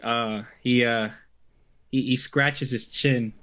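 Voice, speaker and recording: A man playing a tabletop role-playing game, speaking haltingly with many fillers. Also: medium pitch, fairly even intonation, bright, forceful tone. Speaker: player.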